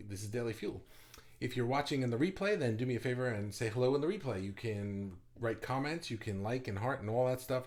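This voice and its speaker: A man hosting an art group's livestream replay, talking casually with many fillers and restarts, greeting viewers as he goes. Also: medium pitch.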